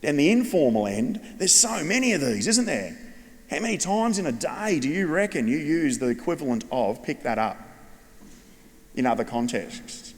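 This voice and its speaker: A middle-aged Australian man giving a conference keynote to a large audience, telling stories in a lively way. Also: on the high side, moderate pace. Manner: animated storyteller addressing a large audience. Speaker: education speaker. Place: large hall with long reverb. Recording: long echo of a big hall.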